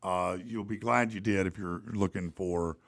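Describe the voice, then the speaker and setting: A man hosting a podcast, telling a story in a casual, animated way and reading ads for sponsors. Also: sits low, normal speed. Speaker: podcast host. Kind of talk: casual storytelling and live ad read.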